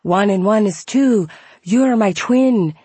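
Lady doing a giddy scottish guy, high sing-song, loud and excited, in a memoir reading. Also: a little slow, slightly rough, no echo.

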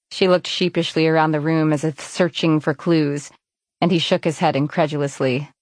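A woman reading scripted audiobook narration in a measured way, lingering on certain words. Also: sits low, steady tone, no room sound.

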